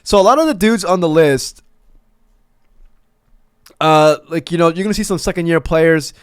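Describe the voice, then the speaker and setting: A man's voice: on the high side, lively intonation, moderate pace, smooth, no room sound, clean studio sound. A man giving casual, rambling commentary as a basketball fan, with stammering restarts and profane asides.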